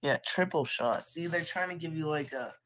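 A woman live streaming with a hoarse voice from being sick, rambling casually, laughing and swearing now and then. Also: low-pitched, normal speed, a bit bright, low-quality recording. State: hoarse from illness.

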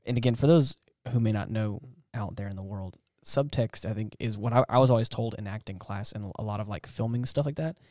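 A man's voice: lowish voice, a little fast, hardly any pauses, warm tone, no room sound, clean studio sound. Rambling man in casual film chat. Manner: rambling, many restarts and fillers. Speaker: podcast co-host.

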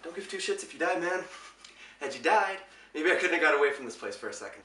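A man's voice: on the high side, lively intonation, fast, sharp tone. An actor playing a resentful man who mouths off defiantly. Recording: echoey room from a distance, faint noise.

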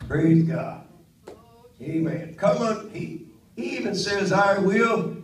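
Older man preaching in a high, shouting voice. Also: expressive, takes it slowly. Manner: rises to loud high-pitched shouting preaching. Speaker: pastor. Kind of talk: Pentecostal sermon. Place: church sanctuary. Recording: roomy church audio from a distant mic.

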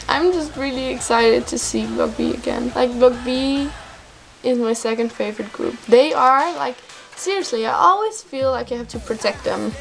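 A young woman vlogging as an excited K-pop fan, gushing and repeating words for emphasis. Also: fairly high pitch, creaky. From Netherlands. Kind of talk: excited casual vlog. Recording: faint music behind voice.

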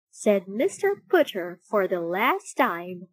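A woman slowly and expressively reading a children's picture book aloud. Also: fairly high pitch, dry recording, low-quality recording. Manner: slow, expressive, deliberate. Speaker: storybook reader.

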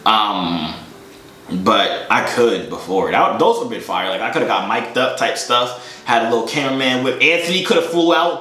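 Young man, vlogger, animated, joking, slangy, rambling, echoey room. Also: mid-range voice. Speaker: vlogger answering fan questions. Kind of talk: casual Q&A chat.

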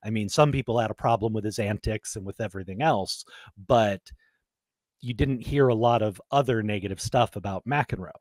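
A man's voice: on the low side, normal speed, a little mellow, no room sound. A man co-hosting a podcast, telling stories in an emphatic, conversational way. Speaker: podcast co-host. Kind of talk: casual chat.

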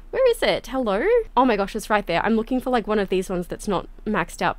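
Chatty, excitable woman with a higher voice. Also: dry recording. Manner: chatty and excitable, quick exclamations. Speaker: gaming channel host. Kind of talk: casual gameplay commentary.

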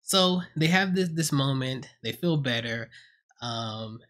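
A man's voice: medium pitch, expressive, slow pace, fairly bright tone. A man giving a casual spoken movie review at home on a close mic, retelling scenes with jokes, swearing and acted-out quotes. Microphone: own desk mic, close.

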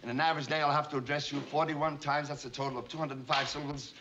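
A bossy, impatient efficiency expert who fires off clipped, repeated orders in a high-set voice. The sound is a muffled old TV soundtrack with a steady hiss. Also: male voice, echoey room. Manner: barks rapid repeated commands. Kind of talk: 1960s sitcom acting.

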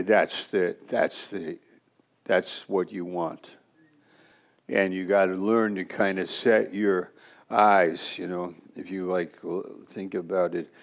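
A man teaches a church Bible class at an unhurried, deliberate pace. His low voice has a gravelly edge, and he talks in a loose, conversational way that wanders into asides.

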